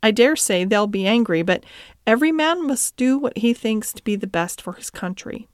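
A steady working man in a classic storybook, firm in his principles and earnest with his family, as a woman reads him. Her smooth, clear voice sits dry and close to the mic. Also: fairly high pitch, no echo, close to an everyday voice. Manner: earnest and measured. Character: steady, principled middle-aged cab driver and father.

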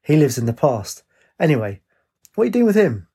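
A man's voice: on the high side, sing-song, fairly quick, mellow, breathy edge, full character voice. A man voicing a blunt, nosy middle-aged pub barman.

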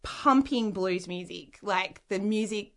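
A woman's voice: mid-range voice, slow. Frank Australian woman telling her story. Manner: rambling and frank, heavy use of "like" fillers. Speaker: interview guest. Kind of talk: candid personal storytelling.

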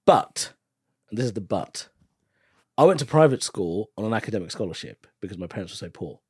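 A man, a stand-up comedian, chatting casually as a podcast guest and telling stories in a lively way. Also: on the low side, fairly quick, husky, no room sound, clean studio sound. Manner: animated storytelling with frequent laughs.

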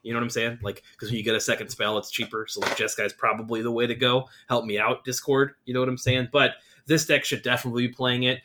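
A man's voice: mid-range voice, little pitch movement, quick pace, few pauses, noisy background. A man co-hosting a casual podcast, chatty and often asking "you know what I'm saying". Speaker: podcast co-host. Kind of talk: casual chat.

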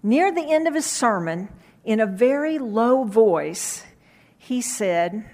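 Woman, middle-aged, children's pastor, lively Bible storytelling for kids, ends in gentle prayer. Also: fairly high pitch, slow.

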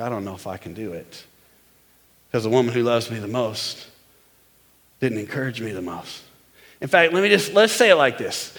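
A man preaching a sermon as a pastor, animated and urging the congregation to say amen. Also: mid-range voice, in a large hall. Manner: animated preaching, prompting the crowd for amens.

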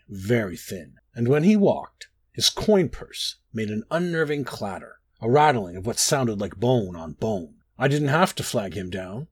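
A man narrates a dark fantasy story in the first person, brooding and expressive, his delivery rising and falling dramatically. His voice is husky and medium-pitched.

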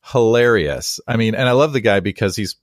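A man's voice: lowish voice, brisk, no room sound, studio quality. A man hosting a podcast conversation, a pastor who tells rambling stories and laughs easily. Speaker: podcast host and Presbyterian pastor. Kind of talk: conversational interview. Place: San Diego area.

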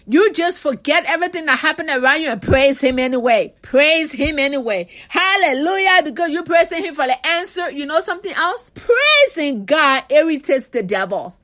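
High-voiced woman preaching a fervent sermon. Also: fairly bright tone. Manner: fervent, call-and-response, repeats key phrases.

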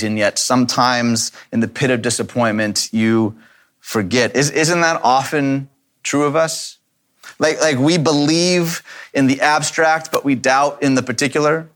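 A man's voice: medium pitch, fairly bright tone. A man preaching a sermon, reading scripture and commenting on it in a conversational way, often repeating words as he thinks aloud. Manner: reads scripture then comments casually. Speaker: pastor.

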